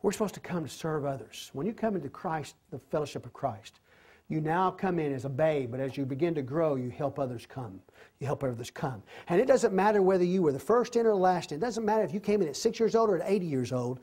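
A man teaching a Bible study, retelling the story with animated, repeated emphatic phrases. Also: fairly high pitch. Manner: softer, slower closing prayer.

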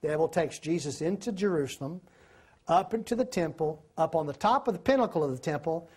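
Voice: medium pitch, lively intonation, fairly quick, a little mellow, breathy edge. A preacher, giving a sermon, telling stories and asking the listeners questions. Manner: storytelling, asks the listeners questions.

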